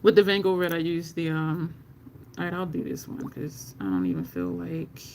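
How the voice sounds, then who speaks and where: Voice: medium pitch, very animated, normal speed, a little mellow, slight background noise. A makeup livestream host chatting casually with viewers while applying makeup, laughing often and cursing now and then in conversation.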